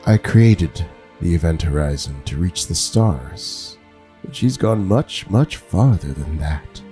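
A man playing a grim starship captain in awe of a living ship, reading with a slow, drawn-out dramatic delivery. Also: low voice, animated, mellow, faint music behind, voice pushed down. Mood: dramatic, ominous. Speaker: comedy podcast guest.

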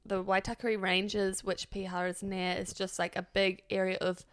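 A woman's voice: mid-range voice, level tone, normal speed. A woman from New Zealand in her late twenties or early thirties, co-hosting a podcast in a chatty, giggly way and often trailing off mid-sentence. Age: late 20s to early 30s. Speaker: podcast co-host. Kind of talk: casual chat.

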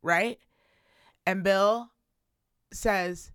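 Woman co-host, mid pitch, dry close mic, swearing storyteller who acts out her quotes. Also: lively intonation, normal speed, a bit bright, no echo. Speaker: podcast co-host. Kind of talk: casual storytelling chat.

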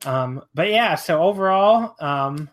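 This man co-hosts a wrestling podcast and speaks slowly but animatedly in a loose, rambling style. When exasperation hits, his voice leaps higher.

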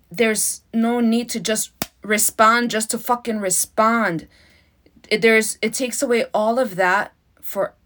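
Emotional, profane woman podcast host. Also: on the low side. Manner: animated, swings between loud bursts and soft asides. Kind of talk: casual podcast monologue.

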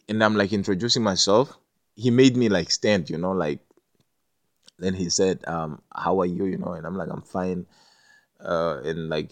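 Guy rambling through a story, kinda low voice, lots of like and um, dry sound. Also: no room sound. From not Jamaica. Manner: rambling, many fillers and restarts. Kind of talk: casual storytelling.

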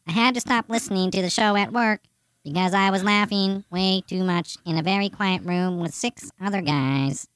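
A man putting on a monotone robot voice to read out a fan letter in a slow, stilted way. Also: high-pitched, clean tone, no room sound, voice pushed up. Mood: flat robotic. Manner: slow, stilted, evenly paced delivery. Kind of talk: mock robot reading.

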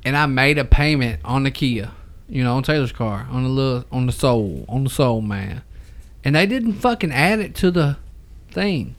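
A man in his thirties chatting as a podcast co-host, loose and profane, quick to crack a joke at his own expense. His voice sits at an ordinary middle pitch. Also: expressive. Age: 30s. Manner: profane, laughing, self-mocking. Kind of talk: casual chat.

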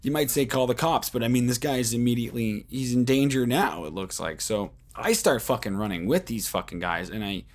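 A man's voice: mid-range voice, animated, brisk, few pauses. A man hosting a podcast, telling a rambling story in casual talk, with heavy swearing and many fillers like "like" and "um". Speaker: podcast host.

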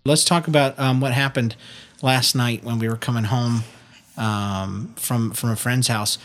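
A man's voice: medium pitch, steady tone, a little slow. A man hosting a casual family video, chatting and teasing his child in a playful way, laughing often. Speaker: parent and video host.

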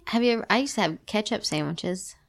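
A woman's voice: medium pitch, animated, fast, gravelly, dry recording, studio quality. A middle-aged woman co-hosting a casual chat and reading a story aloud, teasing and laughing often.

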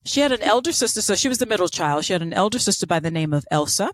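A woman's voice: medium pitch, lively intonation, very fast, no room sound. A woman co-hosting a podcast, telling a life story in casual, irreverent chat. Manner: chatty and irreverent, apologetic about pronunciation. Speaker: podcast co-host.

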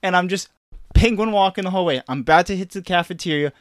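A man tells a rambling story to friends in a casual chat, jumping into loud acted-out quotes. His voice sits a little high. The sound is close and dry. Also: fast talker, no echo. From Boston area. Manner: animated storytelling, acts out quotes loudly.

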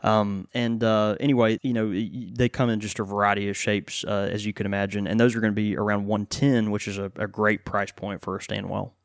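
A man co-hosting a casual podcast chat, relaxed and full of fillers and restarts. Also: on the low side, brisk, hardly any pauses, no echo, studio quality. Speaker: pipe shop co-host.

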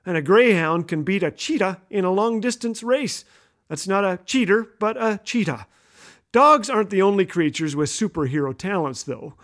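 A middle-aged man hosting a humorous radio talk, telling stories playfully and laughing at his own jokes. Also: sits high. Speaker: radio host. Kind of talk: humorous storytelling monologue.

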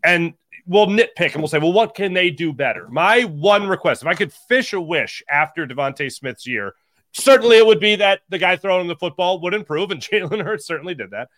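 Male co-host, slightly high pitch, dry studio sound, casual and hedging. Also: animated, a little fast, fairly bright tone, dry recording. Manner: conversational, hedging, "like" and "uh" fillers. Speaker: sports talk co-host. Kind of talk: sports talk debate.

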